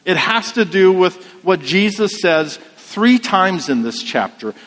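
A man preaching a sermon in a measured, emphatic way, asking rhetorical questions. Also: sits high, sing-song, fairly bright tone, long reverb tail. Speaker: pastor.

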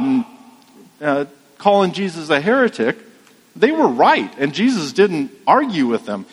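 A man preaching a sermon in a measured, emphatic way, asking rhetorical questions. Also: fairly high pitch, very animated, fairly bright tone, husky, big-room sound. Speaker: pastor.

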